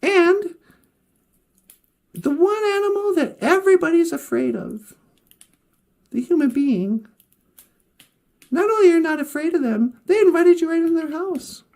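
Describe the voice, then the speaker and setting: A woman voicing a kindly, wise male Great Spirit who speaks in a gentle, reassuring way in a told story. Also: extremely high pitch, expressive, a little slow, pauses often, exaggerated voice.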